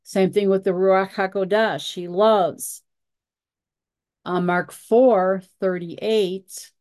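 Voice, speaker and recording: Woman teacher reading and explaining scripture, mid pitch, unhurried and halting, dry recording. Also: fairly even intonation, a little mellow, no room sound. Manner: reads scripture aloud, pausing often with fillers and repeated "again". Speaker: Bible study teacher. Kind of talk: Bible study teaching.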